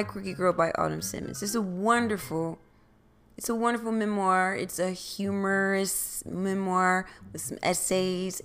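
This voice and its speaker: This solo podcast monologue comes from a woman in Philadelphia who rambles casually and likes to playfully repeat phrases. Her voice is medium in pitch and a bit bright, occasionally getting a little scratchy.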